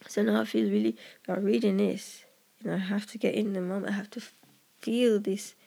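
A gravelly, husky voice talks through a personal poem in an earnest, reflective monologue. The delivery is halting, with restarts and frequent drops into a breathy whisper. It sounds like a poet working through their own words aloud. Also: mid-range voice, fairly even intonation, mellow.

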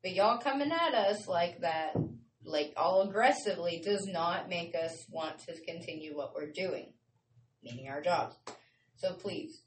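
A woman's voice: fairly low pitch, animated, unhurried, distant mic. A woman hosting her show in a casual, rambling, chatty way, often laughing. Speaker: show host. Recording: roomy sound from off-mic with faint noise.

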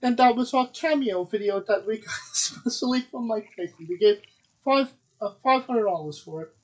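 A man with a fairly high voice hosts a casual podcast. He talks in an upbeat, rambling way, stumbling over names and filling gaps with ums. The delivery is loose and chatty. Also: moderate pace, rough recording. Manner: upbeat, rambling with many fillers. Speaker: podcast host. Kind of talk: casual chat.

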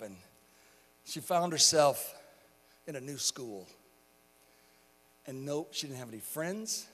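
A male pastor preaching a sermon, telling a story quietly and then rising into loud, impassioned exhortation. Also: mid-range voice, a little hiss or hum. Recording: long hall reverb.

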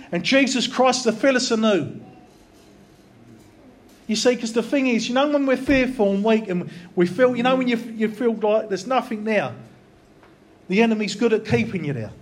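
A man preaching an informal, earnest sermon, talking plainly and repeating phrases for emphasis. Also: extremely high pitch. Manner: earnest, repetitive, conversational preaching.

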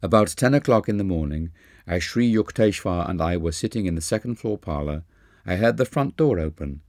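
A man narrating an autobiography audiobook in a calm, measured reading. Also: deep voice, no echo, studio quality. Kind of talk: scripted narration.

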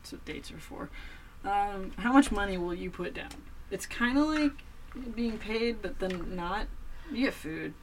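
A woman's voice: mid-range voice, animated, a little slow. Brief: woman podcast co-host, chatty storyteller, a bit off-mic with faint hiss. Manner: rambling storyteller, gets loud and giddy acting out her cat. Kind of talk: casual chat. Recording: distant mic with faint noise.

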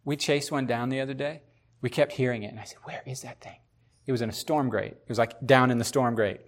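A man hosting a podcast, talking in a casual devotional way, animated and speculative, often repeating himself for emphasis. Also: medium pitch, quick pace. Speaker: podcast host.

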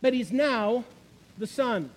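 A man's voice: very high voice, expressive, slow, poor audio. A man preaching a sermon, emphatic, repeating key phrases and putting questions to his listeners.

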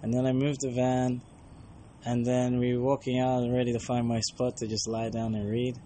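A man's voice: mid-range voice, completely flat delivery, moderate pace, mellow, slight background noise. A man, a traveling monk, casually telling travel anecdotes and acting out bits of dialogue. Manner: chatty, acts out dialogue in anecdotes.

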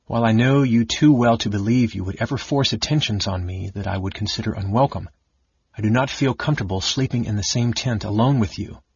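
Calm devout young woman read by a man, soft and measured, husky low voice, dull dry sound. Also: no room sound. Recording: dull lo-fi audiobook recording.

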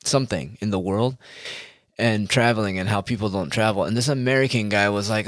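A man's voice: fairly low pitch, normal speed, fairly bright tone, no echo, clean studio sound. A man talking straight to his audience in a rambling, heated monologue, full of swearing. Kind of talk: casual ranting monologue.

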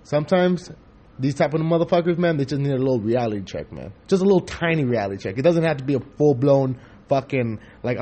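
A man hosting a podcast in casual chat, rambling and profane, telling animated stories. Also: mid-range voice, fast talker. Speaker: podcast host.

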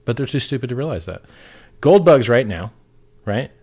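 A man's voice: mid-range voice, animated, normal speed, a little mellow, breathy edge. A man on a casual talk show, ranting bluntly and swearing constantly in a heated, profane way.

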